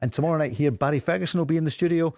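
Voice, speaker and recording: A man's voice: a little high, darkish tone, no room sound. A man with a Scottish accent hosting a live radio football show in a studio, chatty and jokey as he runs through the news. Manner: chatty, jokey, fast-moving presenter.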